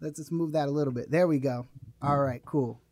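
A man's voice: on the high side, fairly quick, a little mellow. A man hosting a podcast in a small studio, chatting casually and joking easily. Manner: joking, easygoing, laughs often. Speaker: podcast host. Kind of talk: casual chat.

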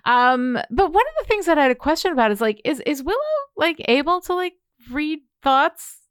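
A woman's voice: high voice, animated, brisk, fairly bright tone, no echo, studio quality. A woman co-hosting a podcast in casual chat, talking with lots of fillers and repeated words. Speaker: podcast co-host. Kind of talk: casual chat about a TV show.

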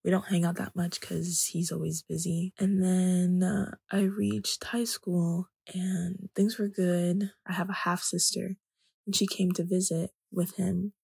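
Very husky, gravelly low-voiced woman. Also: level tone, unhurried, no room sound. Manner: soft-spoken, often drops to a whisper. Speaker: podcast host. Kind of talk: personal storytelling monologue.

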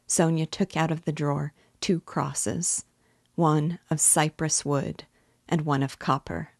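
Lady teacher reading a book aloud, low voice, steady and measured. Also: vocal fry, dry recording, clean studio sound. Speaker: literature teacher.

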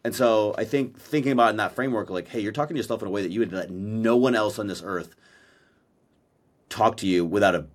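A blunt, profane podcast co-host, who calls himself a verbal processor, chats casually over a video call from Maui. He has a lowish voice and talks at a quick pace.

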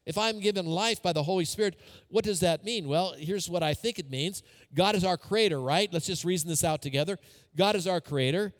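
A man's voice: a little high, long reverb tail. A man preaching a sermon as a pastor, talking conversationally with personal stories and repeated phrases.

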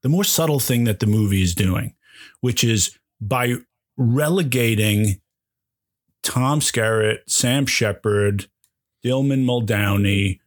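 A man's voice: medium pitch, slow pace. A man in his forties hosting a casual film discussion, talking effusively and emotionally, tripping over his own restarts as he gushes. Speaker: podcast host.

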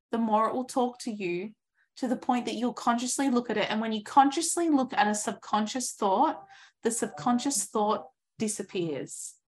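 A woman in her thirties giving an earnest, encouraging coaching talk, acting out inner thoughts in lively voices. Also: a little high. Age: 30s.

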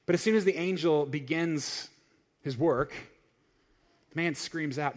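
A man's voice: a little high, a little slow, pauses often. A male pastor giving a sermon in an emphatic style, full of searching rhetorical questions.

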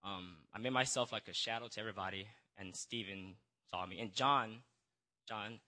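At a church gathering, a nervous young man gives his personal testimony into a handheld microphone, hesitating, restarting, and apologizing frequently. His voice is bright but on the low side, at a normal speed.

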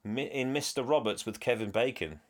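A man co-hosting a podcast, casually recapping a movie in a rambling, animated way. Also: medium pitch, moderate pace. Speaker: podcast co-host. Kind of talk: casual film recap chat.

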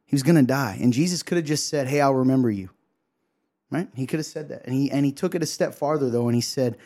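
A man's voice: mid-range voice, fast, dark tone. A man co-hosting a show, giving an emotional sermon-style talk, earnestly acting out quotes and often asking "right?". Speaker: co-host sharing a devotional.

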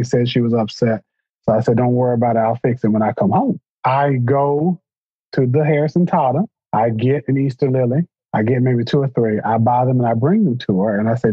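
A man in casual chat, telling family stories in an earnest, reflective way, with a husky voice. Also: mid-range voice, no echo. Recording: dull, dry recording.

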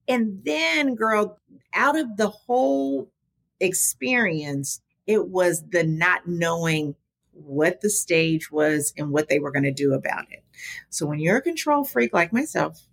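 A middle-aged woman, a podcast guest, telling her story candidly in an animated, conversational way. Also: on the low side, takes it slowly, creaky. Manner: animated, talks to the host as "girl". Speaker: podcast guest, small business advocate.

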